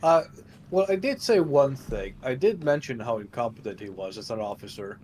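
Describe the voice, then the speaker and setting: A man speaking casually as a player in a tabletop role-playing game, deadpan and nonchalant. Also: mid-range voice, moderate pace, a little hiss or hum. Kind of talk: casual in-character chat.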